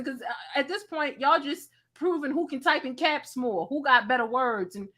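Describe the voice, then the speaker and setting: A woman's voice: high-pitched, normal speed, hardly any pauses, pushed and bright. A woman hosting a livestream, talking bluntly and feistily with plenty of cursing. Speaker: host. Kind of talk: casual livestream commentary.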